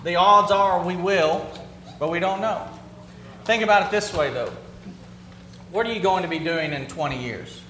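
Preacher guy with a high voice, chatty sermon, lots of questions to the church, roomy echo. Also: normal speed, long pauses, sharp tone, slight background noise. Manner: conversational, asks the congregation questions. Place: church sanctuary.

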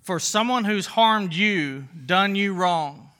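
A man's voice: high-pitched, expressive, takes it slowly, bright, forceful tone. A man preaching a sermon as pastor, talking conversationally and piling up rhetorical questions.

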